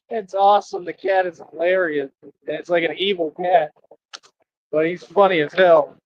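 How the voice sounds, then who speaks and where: Standing outdoors near a street with traffic, a livestreamer with a higher, steady voice speaks at normal speed, rambling casually and preachily, repeating himself while asking for donations. The audio is dull lo-fi stream sound.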